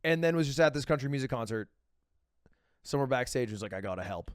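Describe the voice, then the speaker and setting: A man's voice: medium pitch, quick pace, clear, resonant tone, dry recording, clean studio sound. A man streaming from home who chats casually and rambles while joking, trailing off with little filler noises. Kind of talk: casual chat reacting to videos.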